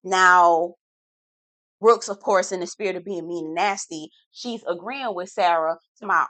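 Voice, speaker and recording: A woman's voice: lowish voice, dry recording. A woman giving a blunt, slang-heavy reality TV recap, stretching out words for emphasis. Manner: sassy, slangy, blunt commentary; lively, drawn-out emphasis. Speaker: TV recap reviewer.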